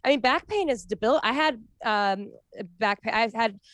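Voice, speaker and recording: A woman's voice: on the high side, normal speed, fairly bright tone, no echo. A woman in her thirties in casual chat, talking earnestly about spiritual ideas and often restarting her sentences. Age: 30s.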